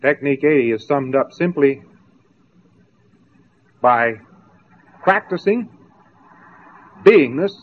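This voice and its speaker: A man giving a spoken lecture, mocking and sarcastic as he tells stories to make his point. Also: mid-range voice. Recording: tinny narrow-band old tape.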